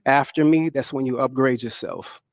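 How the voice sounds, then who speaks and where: A man answers dating show questions in an easy, laid-back way. His voice sits mid pitch and sounds dry and close, and he keeps tacking "right?" onto his sentences. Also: moderate pace, no echo. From New Orleans. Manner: laid-back, adds "right?" and "okay?" often.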